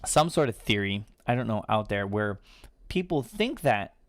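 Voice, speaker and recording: A man's voice: lowish voice, lively intonation, normal speed, no echo, clean studio sound. A man, hosting a casual live-stream Q&A and rambling with lots of fillers. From United States. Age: 30s. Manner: rambling, chatty, many fillers and restarts.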